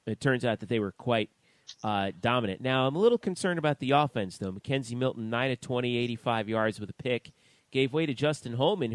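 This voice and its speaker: A man co-hosting a sports talk podcast, reading out statistics in a slow, measured way. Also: mid-range voice, clean tone, no room sound. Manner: reads out stats in a slow, measured way. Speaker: podcast co-host.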